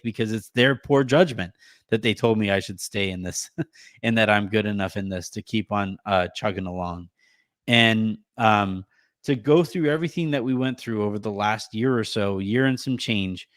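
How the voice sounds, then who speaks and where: A man's voice: on the low side, no echo. Emotional man rambling, dry sound. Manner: rambling, halting, many restarts and fillers. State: holding back tears. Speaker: podcast host. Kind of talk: emotional thank-you on a sports podcast. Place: home.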